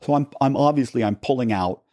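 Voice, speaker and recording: A man recounting his past as a podcast guest, telling it with lots of quoted back-and-forth and quick restarts. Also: mid-range voice, no room sound. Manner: animated retelling with quoted dialogue and frequent restarts. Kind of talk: storytelling in a long-form interview.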